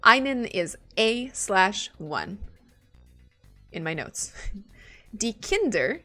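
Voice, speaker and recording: A woman's voice: mid-range voice, big pitch swings, drawn-out words, sharp tone, soft background music. A woman streaming live as she studies German, chatting casually and thinking aloud, swearing now and then when she gets stuck.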